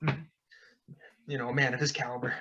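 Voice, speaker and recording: A gushing, excitable man playing a character at a tabletop game. His voice is bright and husky, and the recording sounds dull and lo-fi. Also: medium pitch, brisk. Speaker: player.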